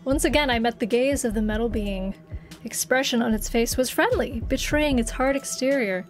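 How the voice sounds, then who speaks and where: A woman's voice: on the high side, normal speed, faint music behind. A woman streamer reading a visual novel game aloud on a live stream, with giggly, chatty asides and playful exclamations.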